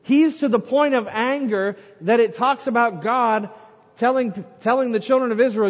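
A man preaching a sermon, reading scripture aloud and swinging between loud emphasis and quiet, slow lines. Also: very high-pitched. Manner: reads scripture aloud, dramatic swings in loudness and pace. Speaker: pastor. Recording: muffled sound with long hall reverb.

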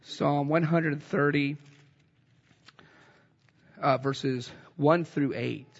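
A man's voice: fairly high pitch, steady tone, drawn-out words, gravelly, long reverb tail, muffled recording. A man preaching an earnest, conversational sermon, often restarting his phrases as he works through a scripture passage. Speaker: pastor.

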